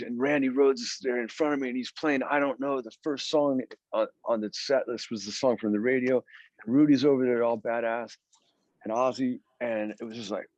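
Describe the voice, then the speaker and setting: A man, a guitarist from the Philadelphia area, telling long animated stories in an interview with many restarts. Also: mid-range voice, no room sound, highs cut off. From Philadelphia area, USA. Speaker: guest guitarist. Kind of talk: storytelling interview chat.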